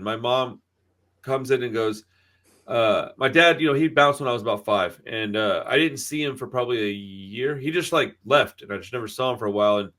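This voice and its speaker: A man's voice: mid-range voice, fairly bright tone. A man in his thirties, a podcast co-host, chatting casually and telling stories with lots of swearing, acting out the people he quotes. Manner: profane storytelling, acts out quoted voices. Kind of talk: casual chat.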